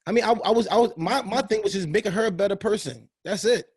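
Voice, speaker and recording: A man from New Jersey co-hosting a casual chat podcast, animated and quick to laugh, often repeating his words. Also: high voice, a loud crowd. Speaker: podcast co-host.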